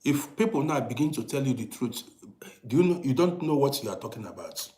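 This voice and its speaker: A man's voice: mid-range voice, big pitch swings, brisk, a little mellow. A man with a Nigerian accent giving an emphatic, ranting commentary to his viewers, firing off rhetorical questions again and again. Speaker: vlogger. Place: indoors in Europe. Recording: roomy echoey room sound.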